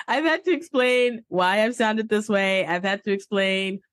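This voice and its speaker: A woman's voice: medium pitch, a little slow, dry recording. A woman hosting a podcast in casual interview chat, chatty and laughing often, with family from Cameroon. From Cameroon, English-speaking side. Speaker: podcast host.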